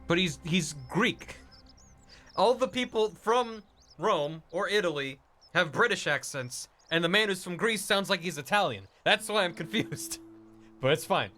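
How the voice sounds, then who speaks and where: A man's voice: high voice, animated, moderate pace, sharp tone. A man giving jokey, casual commentary while streaming a video game. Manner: jokey, chatty, talks to the game characters.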